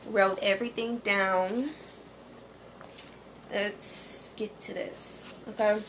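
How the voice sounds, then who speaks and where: Woman vlog host, relaxed and slow, chatty teaching tone, trips over hard words while reading aloud. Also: mid-range voice, slight background noise. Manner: conversational, often checks in with "okay?"; reads source text aloud, stumbles over pronunciations. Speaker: channel host. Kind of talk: casual educational vlog.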